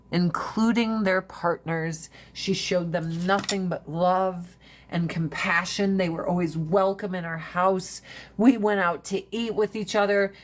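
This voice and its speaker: Woman livestream host, unhurried pace, animated and profane storyteller. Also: mid-range voice. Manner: animated storyteller, swears freely, laughs often. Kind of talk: casual storytelling. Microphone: phone.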